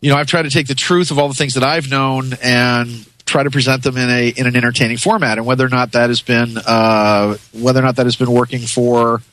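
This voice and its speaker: A man's voice: medium pitch, fairly even intonation, brisk, few pauses, a bit bright, no room sound, rough recording. A man as a talk show guest, rambling with many restarts in a chummy way. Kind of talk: casual interview chat.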